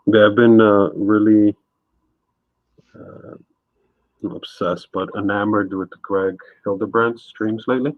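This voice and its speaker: A host on a live painting stream chats loosely with a guest, rambling and laid-back with frequent fillers. His fairly low voice stays even and unhurried, pausing often, in a dry, tinny phone-like recording with no room sound.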